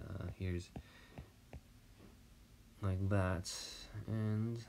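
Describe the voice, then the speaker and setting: A man's voice: low voice, gravelly, a little mellow, a little hiss or hum. An American man thinking aloud while he draws, mumbling, trailing off into near-whispers and tossing in self-deprecating asides. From United States. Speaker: artist drawing on stream.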